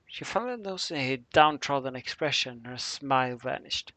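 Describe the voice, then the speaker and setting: A man reads a chapter of fan fiction aloud, stumbling over words and filling gaps with "uh". His voice sits at an ordinary middle pitch. The sound is close and dry, with no room around it. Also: lively intonation, pushed and bright, no echo. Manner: halting, with fillers and misread words. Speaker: narrator. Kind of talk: amateur reading of fan fiction.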